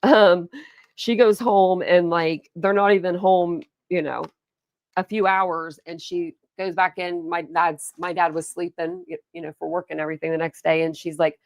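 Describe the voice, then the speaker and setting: Young woman, livestream host: low, gravelly voice, rambling chatty storyteller, dry close sound. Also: steady tone, moderate pace, dry recording. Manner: rambling storytelling, chatty, reads and answers chat. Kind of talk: casual livestream chat.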